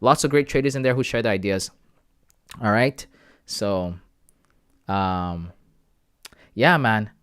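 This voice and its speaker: A young man, chatting casually on a trading livestream, laid-back and slangy, reading out comments and breaking into loud shout-outs. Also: on the low side, slow pace, long pauses, smooth, dry recording, clean studio sound. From Canada. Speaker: live-streaming forex trader.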